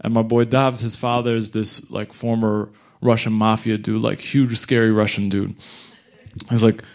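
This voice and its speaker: A man doing stand-up storytelling, animated and slangy, jumping in and out of character voices. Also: fairly low pitch, moderate pace. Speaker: stand-up comedian.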